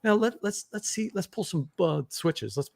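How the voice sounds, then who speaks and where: Host: man, loose rambling chat, somewhat high-pitched voice. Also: moderate pace, vocal fry. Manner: relaxed, rambling, frequent restarts. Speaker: podcast host. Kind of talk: casual live-show chat.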